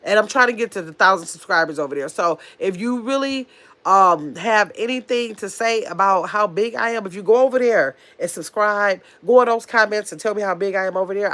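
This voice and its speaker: A woman in her fifties with a nasal voice, hosting a casual livestream, talking very fast and bluntly while reading chat comments. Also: mid-range voice, a bit bright. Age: 50s. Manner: talks very fast, blunt and chatty. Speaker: livestream host.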